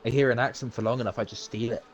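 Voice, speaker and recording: A man commentating live on a sim racing league in a chatty, loose way. He halts on ums and laughs easily, speaking at an everyday middle pitch over a faint hiss of noise. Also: fairly even intonation, very fast, dull audio. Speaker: race commentator.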